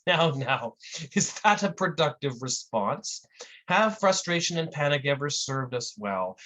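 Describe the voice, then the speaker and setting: A performer voicing a smug bystander who lectures a trapped victim about self-help instead of helping, slow and condescending. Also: mid-range voice, lively intonation, a bit bright. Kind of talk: comic performance piece.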